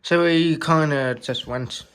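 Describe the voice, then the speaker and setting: A man's voice: on the high side, takes it slowly, a bit bright, slight background noise. Man casually narrating a train story. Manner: casual, loosely phrased.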